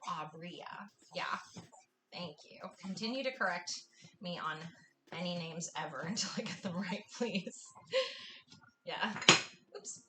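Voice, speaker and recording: A woman's voice: fairly low pitch, measured pace, pauses often, noisy background. A young woman hosting a live cooking class, chatting with her viewers in an effusive, gushing way. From US Northwest. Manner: bubbly and effusive, gushing often.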